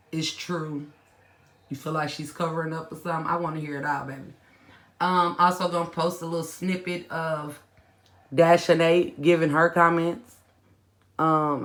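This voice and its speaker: A woman's voice: sits low, reverberant. A woman hosting a commentary channel, talking bluntly and in slang straight to her viewers, scolding and then winding down. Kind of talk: casual reaction commentary.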